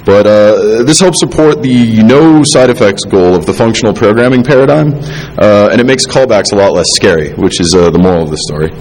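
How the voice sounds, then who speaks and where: A man with a slightly low voice gives a technical talk to a room, stumbling through restarts and frequent filler sounds. He is a little tipsy and slips in dry, self-deprecating asides between points. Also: animated, fairly quick, a little mellow, poor audio. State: tipsy, drinking while talking. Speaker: conference speaker. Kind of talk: technical presentation.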